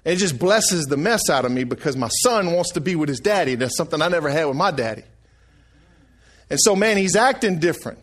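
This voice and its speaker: A man's voice: on the high side, animated, brisk, a bit bright. A middle-aged man preaching a sermon, telling folksy family stories and calling out for the congregation's response. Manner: folksy storytelling, calls for response.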